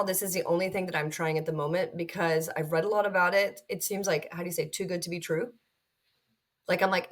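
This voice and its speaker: A middle-aged woman, a podcast guest, talking about her own experience in an animated, storytelling way that acts out other people's voices. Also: fairly low pitch. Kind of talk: conversational podcast interview.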